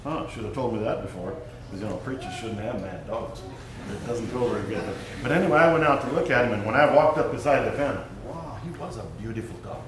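A man's voice: medium pitch, quick pace, hardly any pauses, crowd noise. A man, a preacher, praying and then telling a folksy, rambling story to a church gathering, often asking his listeners simple questions. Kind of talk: prayer and folksy sermon storytelling. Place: church gathering, roomy hall. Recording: echoey room, far from the mic, ambient noise.

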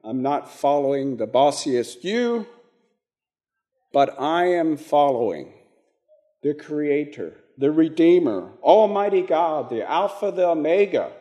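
A man preaching slowly in a mellow, warm voice. His pitch rises and falls a lot as he pauses, repeats words and puts questions to the congregation. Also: sing-song. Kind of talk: interactive sermon.

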